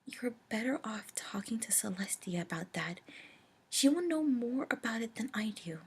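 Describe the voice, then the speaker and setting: A woman with a cold voicing an urgent, protective female alicorn pony princess in a storybook reading, her voice raspy. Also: on the high side, lively intonation, normal speed. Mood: tender. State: sick with a cold.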